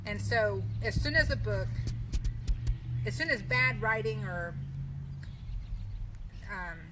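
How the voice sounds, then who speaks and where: A woman author chatting as a guest on a live video stream, an animated storyteller who laughs often. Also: medium pitch, slow. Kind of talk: casual chat, storytelling. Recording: noisy live-stream audio.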